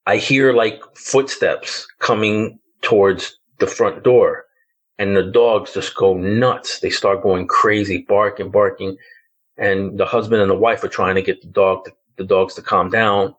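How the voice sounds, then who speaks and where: A man's voice: on the low side, steady tone, slow pace, muffled recording. A man around fifty, from the Bronx, telling a personal ghost story as a podcast guest in a loose, hesitant way, full of "like" and "um.". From the Bronx, New York.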